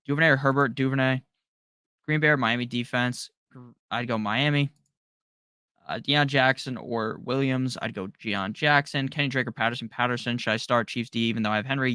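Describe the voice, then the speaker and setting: A man hosting a live stream, casually reading out viewer questions and firing back quick, offhand answers with slang. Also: mid-range voice, steady tone, pushed and bright, clear, resonant tone, no room sound, clean studio sound. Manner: rapid-fire, offhand answers with slang and the odd curse. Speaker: fantasy football live-stream host.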